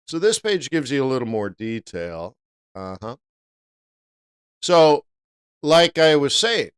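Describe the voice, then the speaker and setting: A middle-aged man hosting a live trading stream, giving animated and jokey market commentary that breaks into loud playful bits. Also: mid-range voice, takes it slowly, pauses often, clear, resonant tone.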